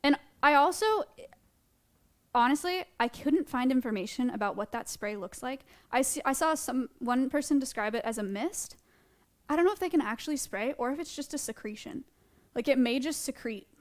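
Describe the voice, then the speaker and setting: A young woman chats casually on a live stream, gushing with affection as she shows off a small creature. Her voice sits a little high, and her talk is loose and full of fillers. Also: lively intonation, normal speed. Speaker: streamer showing sanctuary animals. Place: indoor animal sanctuary room.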